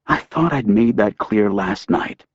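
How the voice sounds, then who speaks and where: A man's voice: fairly low pitch, unhurried, husky, no echo, highs cut off. A man reading an audiobook, voicing a smug, callous man who talks in a dismissive, sardonic way.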